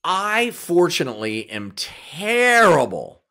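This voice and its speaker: Man in his fifties, Kansas accent, lively up-and-down voice, stop-start casual talk. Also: a little high, gravelly. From Kansas, USA. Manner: halting, trailing off and restarting mid-thought. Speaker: podcast co-host, actor. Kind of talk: casual chat.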